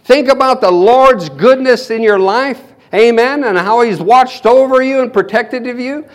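A man's voice: very high voice, measured pace, hardly any pauses. A male pastor preaching an exuberant sermon, quoting scripture, calling for amens and breaking into laughter. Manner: exuberant, breaks into laughter, repeats call-and-response.

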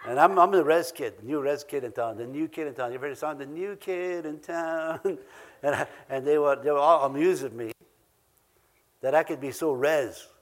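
High-voiced preacher with an Ojibwe accent. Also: male voice, moderate pace. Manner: earnest, repeats key phrases for emphasis, chuckles between points. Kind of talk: sermon.

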